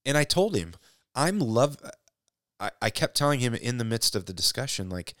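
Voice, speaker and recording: A man talking about faith in a casual conversation, reflective and halting, often restarting his sentences. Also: mid-range voice, sing-song, a bit bright, no echo, studio quality.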